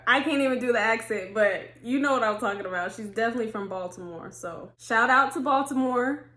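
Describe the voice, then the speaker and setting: A woman hosting a reaction video, adding relaxed, chatty asides. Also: fairly high pitch, a little fast. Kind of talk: casual reaction commentary. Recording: roomy echoey room.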